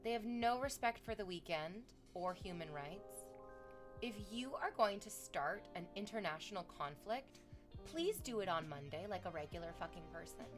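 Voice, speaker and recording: A woman's voice: on the low side, expressive, moderate pace, over music. A young woman streaming from Canada, chatting with viewers in a rambling, sarcastic and profane way. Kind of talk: casual stream chat.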